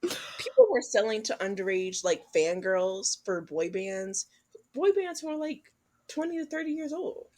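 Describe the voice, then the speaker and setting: Lively, laughing young woman podcaster. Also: medium pitch, measured pace, low-quality recording. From United States. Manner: animated, laughs often, slips into joking put-on voices. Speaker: podcast co-host. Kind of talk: casual chat.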